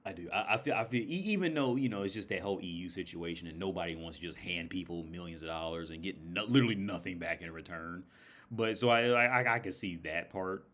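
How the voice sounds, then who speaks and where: A man's voice: deep voice, fast, fairly bright tone. An American man rambling casually on a livestream, swearing a lot and laughing often. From United States. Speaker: livestream host.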